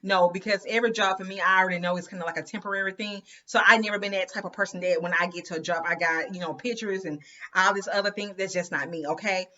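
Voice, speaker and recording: A woman's voice: mid-range voice, fairly even intonation, quick pace, bright, forceful tone, muffled recording. A woman telling her story to viewers in a chatty, emphatic way, often calling them "you guys" and "girl". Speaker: host of an inspirational women's channel.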